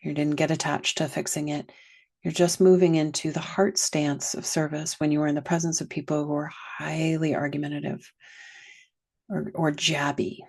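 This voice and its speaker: A woman teaching a guided reflective lesson, slow and gentle, sometimes dropping to a soft whisper. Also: low-pitched, flat delivery, vocal fry. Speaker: wellness teacher.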